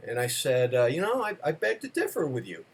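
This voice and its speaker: A man's voice: mid-range voice, wildly swooping pitch, a little fast, slightly rough. A man telling a comic story in a rambling, self-deprecating way, full of uh fillers. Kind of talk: comic monologue.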